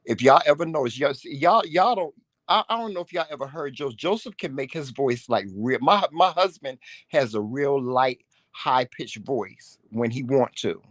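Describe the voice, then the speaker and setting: A man co-hosting a casual couple vlog, telling a story in an animated, teasing way with plenty of salty language. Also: medium pitch, normal speed, dry recording. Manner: salty, profane. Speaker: vlog co-host.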